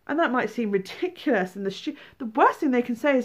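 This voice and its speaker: A woman giving a tarot reading, animated, exclaiming and acting out feelings. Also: fairly high pitch, fast. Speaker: tarot reader.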